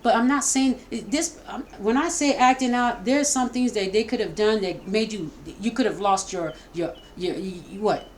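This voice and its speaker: A woman's voice: medium pitch, normal speed, few pauses, a little hiss or hum. Emotional woman giving a tarot reading. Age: middle-aged. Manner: warm, repetitive, stumbling, emotional. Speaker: tarot reader. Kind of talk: casual spoken tarot reading.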